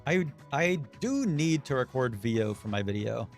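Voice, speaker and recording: Over faint background music, a man with a medium-pitched voice talks at normal speed, relaxed and thinking aloud while live-streaming a game. He mutters as he plays, his throat turning slightly sore.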